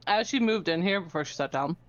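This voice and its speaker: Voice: medium pitch, animated, fast talker, highs cut off. A tabletop game player describing their character's actions in a dry, teasing way while eating.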